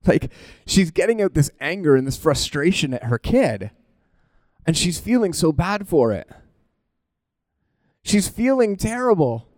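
An animated male preacher who talks informally and often interrupts his own thoughts. His voice sits a little higher than most men's. The sound is close and dry. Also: unhurried, long pauses, dry recording. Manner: animated, informal, self-interrupting, laughs at himself. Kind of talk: conversational sermon.

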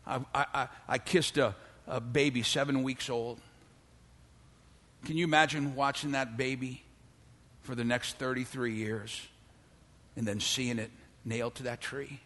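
An older man preaching a dramatic sermon in church, dropping to hushed tones and building to loud calls for praise. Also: mid-range voice, slow pace, pauses often, long reverb tail. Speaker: pastor.

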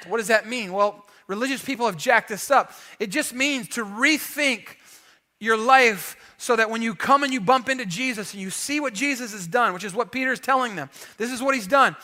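A man pastor delivers a lively, conversational sermon in a church. His voice sits high and sounds bright, with emphatic, punchy delivery. He talks to the congregation casually, like a friend. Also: moderate pace. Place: church sanctuary.

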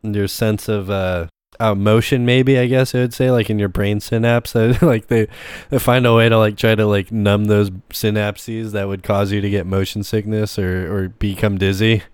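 A man's voice: lowish voice, level tone, normal speed, a little mellow, clear, resonant tone, no echo. A man co-hosting a podcast, rambling through ideas in casual chat and laughing often. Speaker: podcast co-host.

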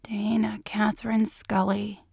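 A woman voicing a fond man agent who coaxes and teases gently. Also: medium pitch, little pitch movement, normal speed, clear, resonant tone, no echo, studio quality, natural voice. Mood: teasing whisper. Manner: gentle, coaxing and teasing. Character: fond teasing man, FBI agent, coaxing.

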